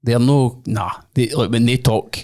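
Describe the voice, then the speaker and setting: A man's voice: mid-range voice, measured pace, darkish tone. Laid-back Scottish man, dry humour. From Scotland. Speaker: podcast co-host. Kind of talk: casual chat.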